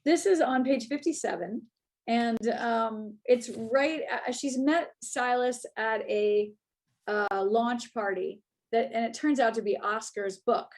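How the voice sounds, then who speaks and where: A woman author reading aloud from her own novel over a video call, unhurried and quietly expressive. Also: a little high. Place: home, joining remotely.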